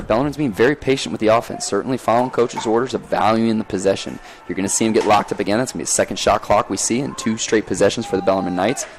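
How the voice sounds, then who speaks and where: A man calls a lacrosse game live, reeling off passes and player moves at a brisk clip. His voice sits on the low side, and his delivery is folksy and energetic, like a seasoned commentator at an outdoor game. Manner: energetic, folksy, rapid play-calling.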